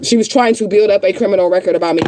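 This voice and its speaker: Racing through her words in a darkish, medium-pitched voice, a vlogger near tears rants to her livestream audience with plenty of profanity and blunt repetition. A little hiss or hum sits under the audio.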